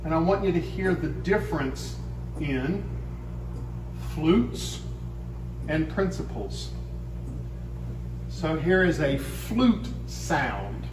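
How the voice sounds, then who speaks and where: A middle-aged church organist explaining how a chapel organ works, patient and step by step. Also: male voice, fairly high pitch, expressive, slow, pauses often, noisy background. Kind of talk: explanatory demonstration. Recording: echoey chapel room.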